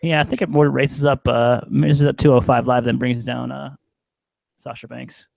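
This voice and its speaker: A man co-hosting a casual wrestling podcast, in quick, laid-back banter. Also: mid-range voice, flat delivery, creaky, a little mellow, dry recording. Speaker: podcast co-host. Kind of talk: casual chat.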